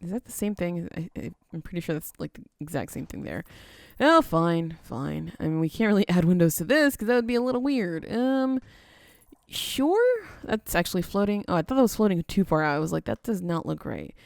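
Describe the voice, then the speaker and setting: A woman's voice: fairly low pitch, lively intonation, fairly quick, vocal fry, a little mellow, dry recording. A woman casually narrating her building game, chatty and playful, talking to herself as she works. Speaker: gaming video host.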